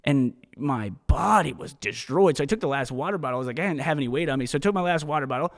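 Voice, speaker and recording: Profane, animated man in a reverberant room. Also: on the high side, quick pace. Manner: casual, profane, animated storytelling. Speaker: podcast host. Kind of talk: solo podcast monologue.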